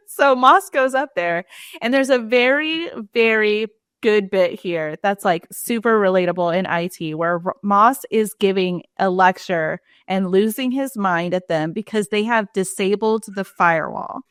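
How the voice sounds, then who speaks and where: A woman in casual podcast chat, her voice in the middle register. She retells scenes with lively energy and leaps high in pitch when she quotes characters. The sound is dry and close to the mic. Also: unhurried, clean tone, dry recording. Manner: animated retelling, acts out quoted lines with big pitch jumps. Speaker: podcast co-host.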